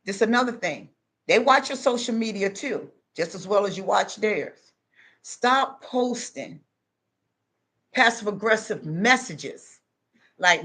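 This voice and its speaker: A woman's voice: mid-range voice, lively intonation, takes it slowly, a bit bright. A middle-aged woman giving casual advice in a monologue, emphatic and repetitive, hammering her points home. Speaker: advice vlogger.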